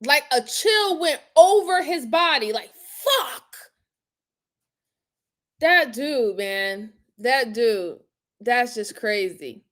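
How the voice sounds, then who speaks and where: A woman's voice: fairly high pitch, expressive, takes it slowly. A woman hosting a crime review, talking in a casual, slangy and blunt way. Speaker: host reviewing crime footage. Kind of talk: casual commentary.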